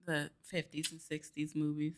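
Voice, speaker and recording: A woman's voice: sits low, completely flat delivery, moderate pace. A woman co-hosting a casual movie review with her brother, giving short, dry remarks. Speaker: co-host.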